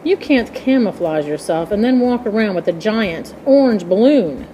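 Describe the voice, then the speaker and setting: A woman voicing a bold, bossy young female chick who snaps out orders and shouts battle cries. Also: medium pitch, expressive, moderate pace, muffled recording, a little hiss or hum, lightly acted. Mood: snappy. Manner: commanding, snappy, shouting orders.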